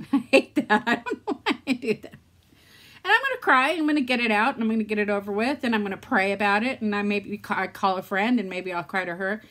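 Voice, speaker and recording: A middle-aged vlogger speaks candidly to her audience in casual vlog talk, rambling as she talks herself through a hard day, close to tears. She talks fast in a medium-pitched, somewhat bright voice.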